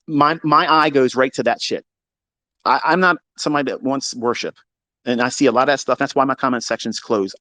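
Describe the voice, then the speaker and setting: A man ranting crudely and mockingly as a trading educator, swinging from low mutters to loud outbursts. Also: no room sound. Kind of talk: profane rant.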